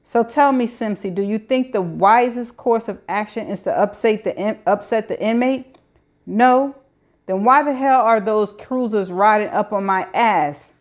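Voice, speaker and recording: A gruff, hard-bitten prison warden snaps out his words with harsh hostility, voiced by a woman reading aloud. His tone stays rough and commanding throughout. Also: medium pitch, unhurried, lightly acted.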